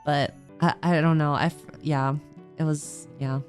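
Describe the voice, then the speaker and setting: A woman's voice: deep voice, fairly even intonation, measured pace, faint music behind. A woman streamer in casual chat who rambles, laughs often and leans on "like" as she reads chat aloud. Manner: rambling, giggly, heavy use of "like".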